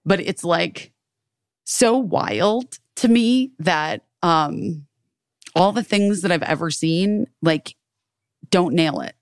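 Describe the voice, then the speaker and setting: A woman's voice: lowish voice, slow, no room sound, clean studio sound. A woman co-hosting a podcast, telling a story in casual chat. She acts out her friends' lines, swears freely and fills her talk with "like". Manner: animated storyteller acting out quoted friends, lots of swearing and "like". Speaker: podcast co-host.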